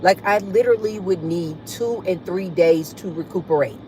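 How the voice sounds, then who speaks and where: A woman's voice: lowish voice, moderate pace, few pauses, mellow, a little hiss or hum. A woman hosting a casual livestream from her parked car, chatting and reading viewer comments aloud with frequent laughter. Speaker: livestream host.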